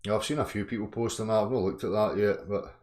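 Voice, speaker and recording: A man with a Scottish accent in casual chat, answering calmly and briefly. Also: lowish voice, fast.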